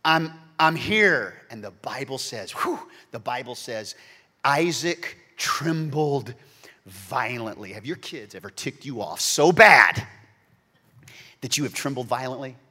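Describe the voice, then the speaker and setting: A man's voice: medium pitch, unhurried, breathy edge. Man preaching in a reverberant hall. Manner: animated storytelling, frequent stammered repeats. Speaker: pastor. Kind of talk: sermon.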